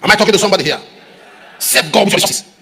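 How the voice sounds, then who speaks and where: Male pastor, high animated voice, quick delivery, sermon in echoey hall. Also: gravelly, faint music behind. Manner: preaching with repeated refrains, rising to shouts. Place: large church auditorium.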